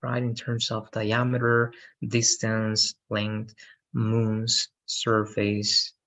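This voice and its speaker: A man's voice: on the low side, monotone, drawn-out words, fairly bright tone. A man teaching an English grammar lesson online, checking in with "right?" after almost every sentence.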